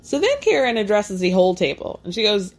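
A woman's voice: mid-range voice, big pitch swings, a little fast. A woman casually recapping reality TV drama, acting out the quotes and swearing freely.

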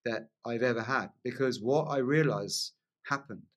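A man telling a long personal story as a podcast guest, in a lively casual way, often asking "right?" along the way. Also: medium pitch, moderate pace. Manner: animated storyteller, frequent "like" and "right?" tags.

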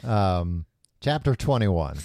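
A man's voice: low-pitched, sing-song, takes it slowly, darkish tone, no room sound, clean studio sound. A man hosting a podcast, casually retelling a book's plot with loose, offhand quoted voices. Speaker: podcast host. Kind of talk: casual book discussion.

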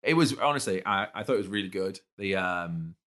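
A man with a low, deep voice co-hosts a casual podcast. He talks with eager enthusiasm, and his sentences wander and restart as he thinks aloud. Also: lively intonation, a little fast, pushed and bright. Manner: enthusiastic, rambling. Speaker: podcast co-host. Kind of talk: casual chat.

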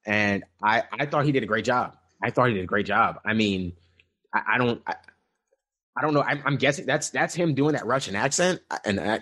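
A man's voice: mid-range voice, lively intonation, a little fast, sharp tone. A man co-hosting a casual podcast, giving his take on a film in long rambling stretches full of restarts and fillers. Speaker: podcast co-host. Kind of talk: casual movie review chat.

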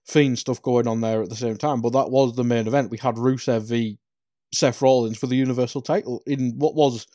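A British man co-hosting a casual podcast chat. His voice is mellow and dark, set close and dry to the mic with no room around it. He talks loosely, swears offhand and laughs easily. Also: mid-range voice, no echo. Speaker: podcast co-host.

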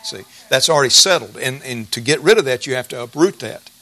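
A man's voice: mid-range voice, lively intonation, a little fast, bright, forceful tone. A middle-aged male pastor preaching a sermon in a folksy, emphatic way, repeating key phrases.

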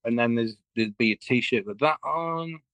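A man's voice: mid-range voice, normal speed, fairly bright tone, rough recording. A man with a Geordie accent, a guest musician chatting on a video call, telling stories with jokes and swearing. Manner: joking storyteller, swears freely, acts out quotes. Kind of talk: casual chat.

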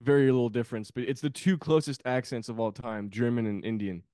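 A man's voice: medium pitch, fairly even intonation, brisk, dark tone, dry recording, clean studio sound. A man guesting on a podcast, chatting casually about films, rambling and laughing often. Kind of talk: casual film chat.

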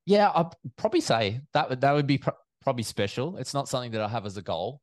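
This man, an event MC and commentator, is a fast talker with a medium-pitched voice. In a casual interview he tells stories in a chatty, animated way, acting out quoted exchanges, and the studio-quality audio has no echo.

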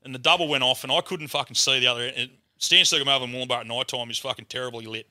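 A man's voice: mid-range voice, fairly even intonation, very fast, bright, forceful tone, no room sound, studio quality. An Australian man telling a rambling, swear-filled story as a guest on a casual podcast chat.

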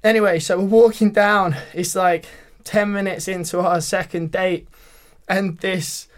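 A young man from Britain chatting on a podcast, rambling through a story with lots of filler words. His voice sits a touch higher than most men's. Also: steady tone, slow, few pauses. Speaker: podcast guest. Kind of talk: casual chat.

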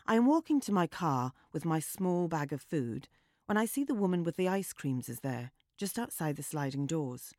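A woman narrating a story in a measured, wry and understated way. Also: deep voice, very animated, a little mellow, dry recording, studio quality. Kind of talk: audiobook narration.

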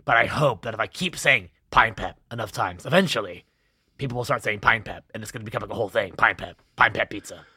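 A man co-hosting a comedy podcast, talking in a deadpan, exasperated way. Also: on the low side, fast talker, breathy edge, no room sound, studio quality. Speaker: podcast co-host. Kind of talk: casual improv comedy chat.

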